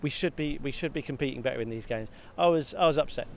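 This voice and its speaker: A man co-hosting a football podcast, talking in a lively, self-mocking way and often repeating words. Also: mid-range voice, fast talker. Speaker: podcast co-host. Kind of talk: casual football chat. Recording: faint background noise.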